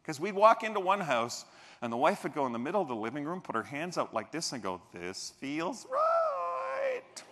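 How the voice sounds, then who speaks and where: Animated male keynote speaker in a hall. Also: on the high side, quick pace. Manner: animated, acts out quoted voices. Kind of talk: motivational keynote storytelling. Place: large convention hall stage. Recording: reverberant convention hall.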